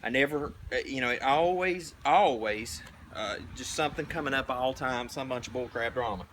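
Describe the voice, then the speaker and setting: A young Southern American prepper vlogger paints outdoors at a tiny house build site, delivering a blunt, folksy, rambling sermon full of restarts. His mid-range voice is steady, fast, bright, and forceful, with a little hiss or hum.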